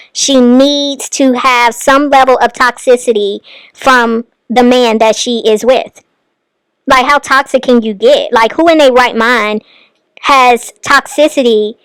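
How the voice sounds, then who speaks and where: A woman's voice: a little high, a bit bright, clear, resonant tone, no echo, poor audio. Commentary host, woman, blunt and scolding, dry close recording. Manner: blunt, scolding, addresses the subject directly. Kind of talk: reaction commentary.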